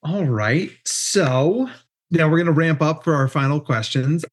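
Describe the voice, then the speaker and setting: A man's voice: a little high, lively intonation, a little slow. A man in his thirties hosting a podcast, upbeat and joking, often tagging "right?" onto his points. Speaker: podcast host. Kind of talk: casual podcast chat.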